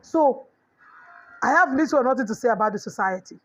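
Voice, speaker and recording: Nigerian woman, middle-aged, high voice, preachy parenting coach, dull lo-fi sound. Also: expressive, a little fast. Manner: preachy, mixes in Yoruba proverbs. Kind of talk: motivational parenting talk. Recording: dull lo-fi audio.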